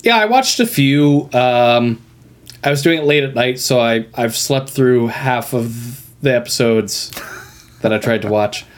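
A man's voice: mid-range voice, a little slow. Rambling man in casual chat. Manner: rambling, many ums and trailing phrases. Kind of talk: casual chat about a cartoon.

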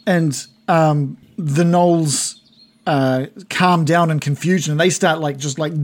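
Man, game master, rambling narration, giggles a lot. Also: on the high side. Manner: rambling, giggly, full of fillers.

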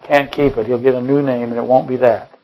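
A man's voice: mid-range voice, level tone, brisk, lo-fi sound. A man preaching a Bible-study sermon, rambling and correcting himself mid-sentence, firing off rhetorical questions and dropping joking asides. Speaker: pastor.

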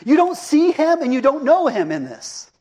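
High-voiced pastor preaching conversationally. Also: male voice, very animated, moderate pace, darkish tone. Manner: conversational, asks the congregation questions. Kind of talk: interactive sermon.

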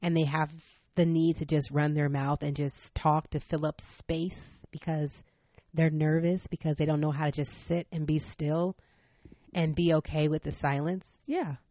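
A middle-aged woman with a lowish voice tells a family story as a podcast host. She is frank and a little stern, and she laughs often between lines. The sound is dry and close, with no room around it. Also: unhurried, dry recording. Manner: animated, laughing often, acting out quotes. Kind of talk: personal storytelling.

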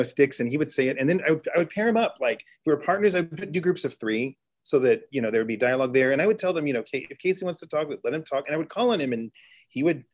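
Earnest man telling a story. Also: mid-range voice. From Texas. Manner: earnest, with restarts and excited bursts. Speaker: teacher and author guest. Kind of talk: storytelling in conversation.

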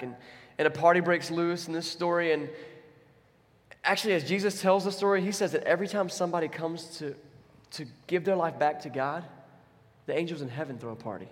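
A pastor preaching a sermon, telling the story with animation, acting out the quotes and dropping to a soft, quiet voice for emphasis. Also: male voice, fairly high pitch, brisk. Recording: long reverb of a large hall.

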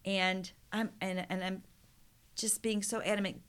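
A woman's voice: mid-range voice, little pitch movement, normal speed, clear, resonant tone. A middle-aged woman, a podcast guest, earnestly retelling a personal story with emotion and quoted prayers.

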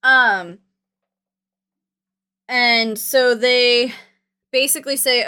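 Bright-voiced chatty woman recapping a film. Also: a little high, moderate pace. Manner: chatty, storytelling, fills gaps with "like" and "um". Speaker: podcast co-host. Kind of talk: casual movie recap chat.

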